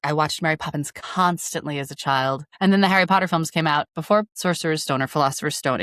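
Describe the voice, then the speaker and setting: A woman's voice: lowish voice, quick pace, hardly any pauses, fairly bright tone, no echo, studio quality. An American woman, an audiobook narrator, chatting casually and playfully as a podcast guest. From United States. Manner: chatty and playful, often breaks into sung or acted bits.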